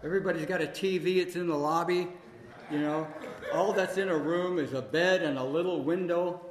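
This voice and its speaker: A man's voice: fairly high pitch, fairly even intonation, brisk, a crowd in the background. A man telling a long personal story aloud in a loose, rambling, conversational way, full of fillers like "you know" and "man.". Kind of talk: live personal storytelling monologue. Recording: echoey hall with faint noise.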